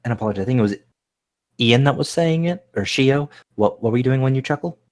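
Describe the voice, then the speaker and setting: A man playing in a tabletop game, talking in an easygoing, folksy way with a husky voice. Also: mid-range voice, animated, fast talker, darkish tone. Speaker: player.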